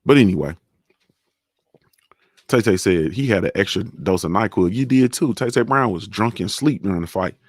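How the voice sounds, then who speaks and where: A man's voice: fairly low pitch, animated, normal speed, pauses often, no echo, studio quality. A young man hosting a casual live-stream show about boxing, telling stories in loose, profane slang. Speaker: show host.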